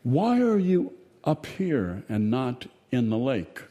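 A man's voice: medium pitch, big pitch swings, slow pace, mellow, long reverb tail. A man voicing an earnest eight-year-old girl who asks simple, hopeful questions.

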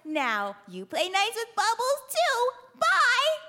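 A man's voice: very high-pitched, wildly swooping pitch, slow pace, pushed and bright, pitched above the performer's own voice, exaggerated voice. Man doing a cooing little girl. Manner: cooing, babyish. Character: sweet little girl pet owner.

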